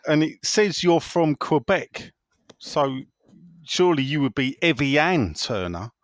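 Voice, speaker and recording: A man's voice: on the high side, big pitch swings, takes it slowly, no echo. Jokey man reading listener comments. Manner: jokey and self-mocking, laughs often. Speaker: podcast co-host.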